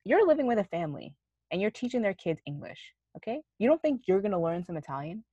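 A young woman telling a story in a casual chat, animated and swearing casually. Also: mid-range voice, fast talker, slightly rough, dry recording. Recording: dull, dry sound.

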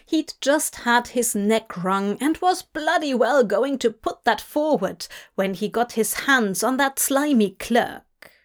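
Slow, expressive woman narrator. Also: fairly high pitch. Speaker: audiobook reader. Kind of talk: scripted narration.

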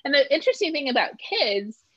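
A woman's voice: high-pitched, fairly quick, no echo. A middle-aged woman in casual conversation, talking animatedly and acting out quoted voices. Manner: animated, acts out voices when quoting. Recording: dull lo-fi sound.

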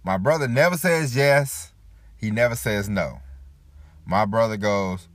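A podcast host with an animated, lowish voice leads a casual motivational talk at a moderate pace, with no echo. He rambles, keeps repeating "you know," and acts out the people he quotes.

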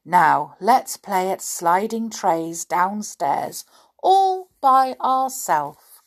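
A woman voicing a blunt, unrepentant clockwork clown in a storybook reading, speaking lower and matter-of-fact. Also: sing-song, extremely slow, heavily acted. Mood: smug.

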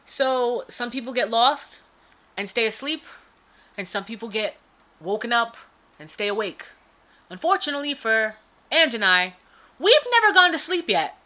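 A woman with a bright, high-set voice chats casually on a spiritual podcast. She is animated and breaks into loud laughing bursts now and then. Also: normal speed, pauses often. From United States. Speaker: podcast co-host and spiritual advisor. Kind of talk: casual chat.

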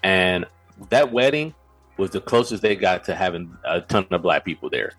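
A man's voice: low voice, expressive, normal speed, a bit bright, no room sound, soft background music. A man, a military veteran back in school, co-hosting a casual podcast chat, often stumbling and repeating words as he starts a thought. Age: adult, veteran back in school. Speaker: podcast co-host.

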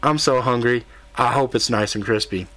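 A man's voice: medium pitch, normal speed, bright, forceful tone, lightly acted. A man playing a blunt, snarky cat spirit lady. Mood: eager. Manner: blunt, grumpy, food-loving. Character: snarky female cat spirit in human form.

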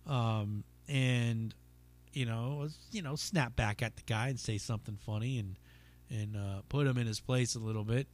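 A man's voice: medium pitch, normal speed. A man hosting his own podcast, telling a stand-up story in casual, rambling talk full of swearing and fillers. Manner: rambling, profane, lots of fillers. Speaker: podcast host and stand-up comic.

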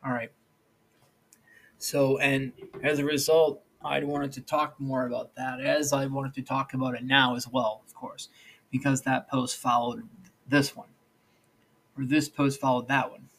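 A man's voice: mid-range voice, level tone, a little slow, a bit bright, husky, low-quality recording. A man hosting a solo podcast, talking in a loose, rambling way with frequent restarts. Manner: rambling, loose, with many restarts and "all right, so". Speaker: podcast host.

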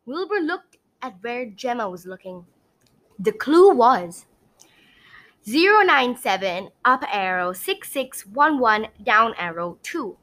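A woman reading a storybook aloud, slow and deliberate, her pitch rising and falling with the story. Her voice is bright and clear, with a dramatic storyteller's lilt. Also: big pitch swings.

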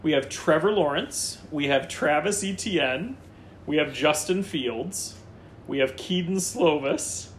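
A man hosting a casual fantasy football chat, reading through a roster in quick lists and joking with his co-host. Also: fairly high pitch, slight background noise. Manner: lively, lists players in quick runs, jokey.

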